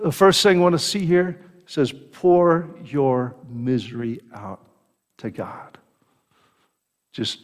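A man preaching a sermon as pastor, earnest and unhurried, often restarting his phrases. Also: a little high, long reverb tail.

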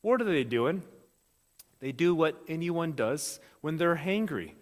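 A man preaching a sermon as pastor, lively and animated, acting out the voices of the people in his story. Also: a little high, measured pace, long reverb tail.

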